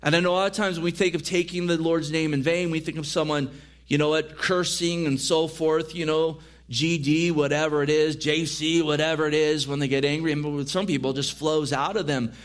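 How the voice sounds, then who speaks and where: A man's voice: fairly high pitch, fairly even intonation, brisk. A man preaching a sermon in a church as pastor, reading scripture aloud and pressing his points with earnest emphasis.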